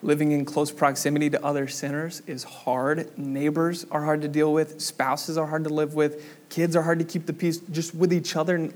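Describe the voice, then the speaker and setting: A young man preaching a sermon, telling a funny personal story in a casual way with lots of fillers before moving on to the scripture. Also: fairly high pitch. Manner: casual storytelling with many fillers, acts out quoted voices loudly.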